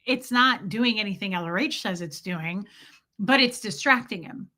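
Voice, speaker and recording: A woman in her forties hosts a casual livestream chat, her medium-pitched voice pushed and bright at a normal speed. She replies to viewer comments and shares frank, blunt stories with quoted voices.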